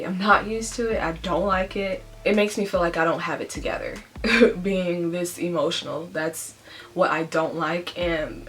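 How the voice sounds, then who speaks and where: A young pregnant woman talking candidly in a casual vlog, emotional and laughing through tears. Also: on the low side. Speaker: vlogger.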